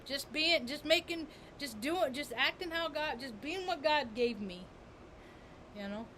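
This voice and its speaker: Woman, bright, rambling, emphatic, repeats words, spiritual monologue vlog. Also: high voice, lively intonation, measured pace, a little hiss or hum. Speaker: vlogger.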